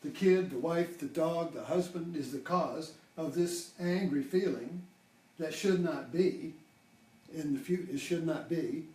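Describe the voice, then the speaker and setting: Heard from a distant mic in a roomy room, an older spiritual teacher talks informally with a mellow, slightly high voice. He rambles, frequently restarts his sentences and uses lots of fillers.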